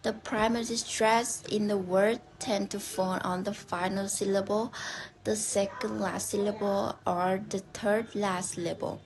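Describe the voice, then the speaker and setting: A woman with a Vietnamese accent giving a class presentation in a slow, plain, scripted way. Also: medium pitch, fairly even intonation, rough recording. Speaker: student presenter.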